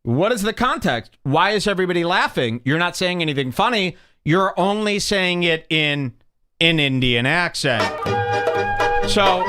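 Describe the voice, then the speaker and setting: A man's voice: fairly high pitch, bright, forceful tone. A man hosting a podcast, commenting on clips in a sarcastic, indignant manner. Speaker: podcast host. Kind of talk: commentary over played clips.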